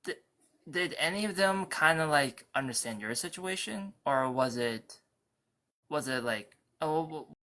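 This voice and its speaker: A woman with an unusually deep voice asks questions in a casual interview. She hesitates often and fills gaps with likes and ums. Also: lively intonation, measured pace, a bit bright.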